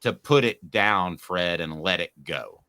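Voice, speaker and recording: A man's voice: deep voice, measured pace, sharp tone. A man hosting a sports talk show, giving his opinions and reading listener comments aloud.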